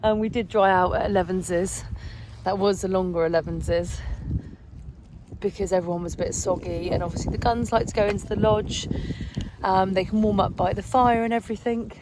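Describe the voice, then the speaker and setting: Out in the fields and hedgerows, a Hampshire woman with a Somerset-flavored West Country accent describes working the beating line in a casual vlog. Her mid-range voice keeps a fairly even intonation and a moderate pace, and she's chatty and explanatory, laughing a lot over the noisy phone audio.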